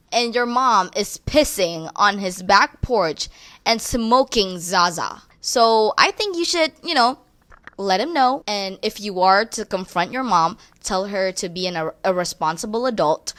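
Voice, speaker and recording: A woman's voice: medium pitch, fairly bright tone, no echo. A young woman reading online posts aloud and breaking in with blunt, crude, sassy commentary. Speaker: commentary creator.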